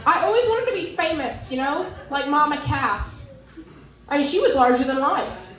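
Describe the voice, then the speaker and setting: A woman's voice: high voice, lively intonation, moderate pace, a bit bright. A woman in her thirties with a New Zealand accent, doing a stand-up set with dry, self-deprecating jokes and crowd work. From Canada. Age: 30s. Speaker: stand-up comedian. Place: comedy venue with live audience. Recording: roomy live club sound.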